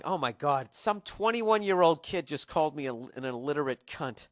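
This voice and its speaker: A man in his forties hosts a podcast, ranting blunt, profane advice with lots of restarts. His voice is bright and a little high, with a sharp edge. The room sound is dry and close. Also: fairly quick, few pauses, no echo. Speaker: podcast host. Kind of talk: casual comedic advice rant.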